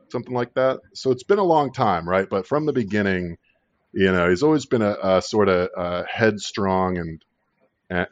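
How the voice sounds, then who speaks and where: A man's voice: lowish voice, no echo, lo-fi sound. A man in his thirties casually telling a rambling personal story, swearing freely and laughing at his own tale.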